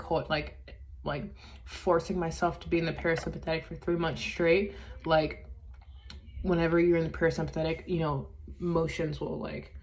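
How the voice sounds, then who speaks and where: A woman talking in a casual confessional vlog, halting, with many fillers and restarts. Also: low voice. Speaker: vlogger.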